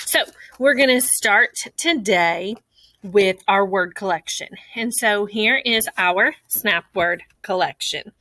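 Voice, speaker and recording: A woman's voice: mid-range voice, bright, forceful tone. A young woman teaching an online phonics lesson to small children, cheerful and encouraging. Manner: cheerful, encouraging, speaks slowly to little kids. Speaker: kindergarten teacher.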